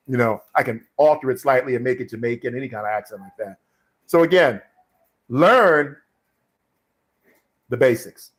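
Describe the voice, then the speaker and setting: Man, middle-aged, live stream host, casual advice chat, rambling, many fillers, medium pitch. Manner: rambling storyteller, frequent fillers and restarts. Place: home studio.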